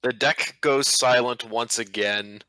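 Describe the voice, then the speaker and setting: A man's voice: mid-range voice, steady tone, slow, pushed and bright, clean tone, dry recording, poor audio. A man narrating as game master of a tabletop game, with loose, rambling narration.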